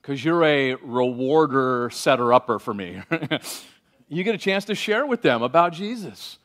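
A man preaching a sermon as pastor, animated and varied, slowing down when he reads scripture aloud. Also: mid-range voice.

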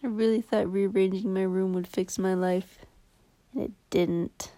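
A young woman rambling in a low-key, confessional vlog, swearing bluntly and often dropping to a whisper. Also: steady tone, measured pace, dark tone, no room sound.

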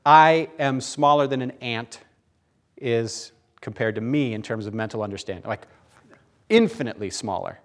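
A man preaching a conversational sermon, animated and joking as he goes. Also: medium pitch, moderate pace. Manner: animated, laughs and jokes mid-sentence.

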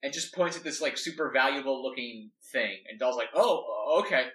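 A man's voice: mid-range voice, fairly quick, pushed and bright. A man talking through a story plan casually, rambling and filling gaps with "like". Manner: rambling, full of "like". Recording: echoey room, mic at a distance.

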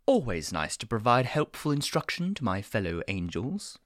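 Prim fussy guy angel, deep low voice that swoops all over, dry close sound. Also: sing-song, moderate pace, no room sound. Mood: flustered. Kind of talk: podfic audio drama.

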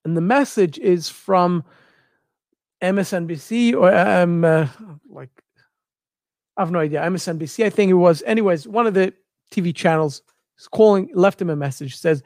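High-voiced man retelling a story. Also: unhurried, long pauses, dry recording, clean studio sound. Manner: searches for words, repeats phrases, animated retelling. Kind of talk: casual storytelling.

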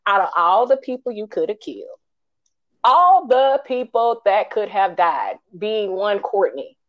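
A woman co-hosting a podcast, reviewing a film in casual chat, animated and ranting, acting out quotes in high voices. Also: a little slow, lo-fi sound. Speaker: podcast co-host.

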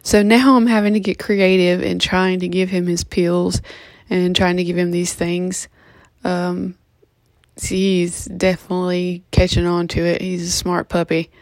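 Flat, gravelly-voiced woman talking straight into a dry mic. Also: on the low side, dry recording. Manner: halting, many ums and restarts. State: just woke up, yawning. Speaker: vlogger giving a pet health update. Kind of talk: casual update vlog.

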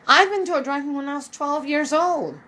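A woman's voice: fairly quick, pushed and bright, poor audio. A woman in her fifties telling a rambling personal story, acting out the people she quotes. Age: 50s. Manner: rambling, acts out quoted dialogue with shifting pitch. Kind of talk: casual spoken storytelling.

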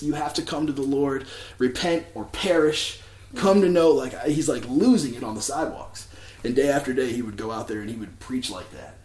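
In a reverberant space, a preacher with a mid-range, darkish voice tells a story during a casual sermon. His delivery is chatty and full of fillers like "like" and "um," with many restarts.

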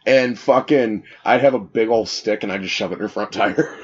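A man's voice: fairly low pitch, moderate pace, breathy edge, muffled recording. A man co-hosting a casual podcast, telling crude stories with lots of swearing and laughing at his own jokes. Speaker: podcast co-host.

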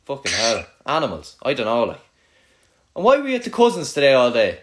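A man's voice: medium pitch, wildly swooping pitch, a little fast, a little hiss or hum. A young man with an Irish accent from Kildare, hosting casual banter with a friend, teasing and swearing a lot, with many "like"s.

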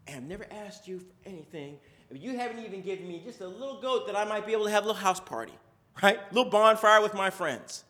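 A preacher putting on an aggrieved older brother. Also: male voice, high-pitched, lively intonation, quick pace, sharp tone. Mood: indignant. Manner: indignant complaining. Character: aggrieved resentful older brother, young man.

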